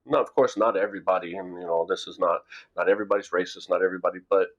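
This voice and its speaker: A man's voice: sits low, fairly even intonation, racing. A middle-aged man from the United States, telling a rambling story to camera in a casual vlog, often repeating words as he goes. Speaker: vlogger. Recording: dull lo-fi recording.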